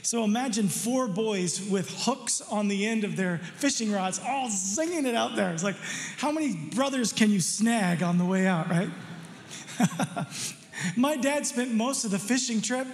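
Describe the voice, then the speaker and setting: In a church sanctuary with a long reverb tail, a middle-aged male pastor preaches a sermon in a high-sitting voice at an unhurried pace. He tells a childhood story in a playful, animated way, joking with the congregation.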